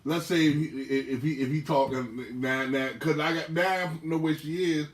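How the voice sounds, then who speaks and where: A man's voice: fairly high pitch, fairly even intonation, normal speed, echoey room, far from the mic. A man co-hosting a casual talk show, teasing and slangy, with plenty of profanity. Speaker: co-host. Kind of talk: casual chat.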